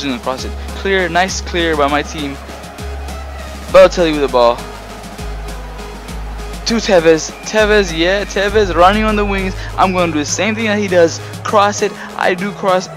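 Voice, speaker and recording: A young man commentating his own football video game match as he plays, grumbling in frustration and breaking into loud excitement. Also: medium pitch. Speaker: gaming YouTuber. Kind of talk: live gameplay commentary.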